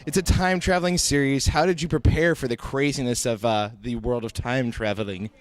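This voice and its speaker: A man's voice: medium pitch, steady tone, fairly quick. A man interviewing a guest at a convention, friendly and a little hesitant.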